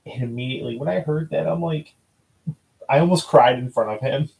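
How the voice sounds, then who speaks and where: A man's voice: mid-range voice, a little fast, vocal fry, darkish tone, rough recording. A man telling personal stories in a casual, heartfelt way, rambling and restarting often and swearing now and then. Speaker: vlogger recalling school newspaper interviews.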